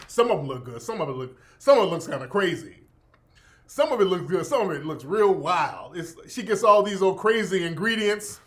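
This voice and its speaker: A man hosting his own show, talking in a loose, rambling and profane way, often breaking into laughter. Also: fairly high pitch. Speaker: radio show host. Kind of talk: casual livestream commentary.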